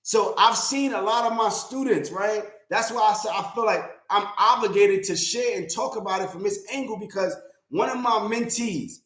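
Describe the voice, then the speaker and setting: A man's voice: high-pitched, moderate pace, a bit bright. Blunt, emphatic man in an echoey room. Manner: blunt, emphatic, repeats points. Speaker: real estate investor and mentor. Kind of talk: livestream talk.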